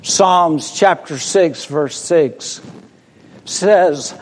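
A preacher delivering a sermon slowly and deliberately, swelling to loud emphasis and dropping to a hush. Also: male voice, on the high side. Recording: long reverb of a large hall.

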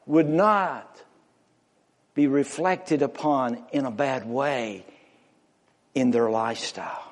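A man preaching a sermon with an emphatic, drawn-out pulpit delivery. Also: medium pitch.

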